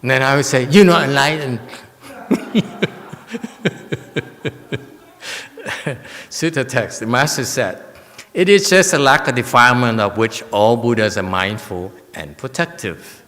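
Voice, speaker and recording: A man, a Buddhist monk giving a slow, joking dharma lecture with many fillers and teasing asides. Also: medium pitch, pushed and bright. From United States. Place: temple lecture hall. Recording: long hall reverb.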